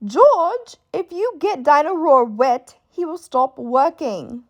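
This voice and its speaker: A woman reading a storybook aloud, voicing a kind, gentle mother pig who talks in a soothing, reassuring way. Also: high voice, lively intonation, takes it slowly, lo-fi sound, pitched above the performer's own voice.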